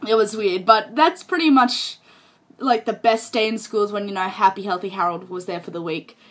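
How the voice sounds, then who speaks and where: A woman's voice: medium pitch, moderate pace. A young woman from Australia with an Australian accent, chatting casually to camera in a rambling, self-amused way. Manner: chatty and rambling, laughs at herself. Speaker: vlogger.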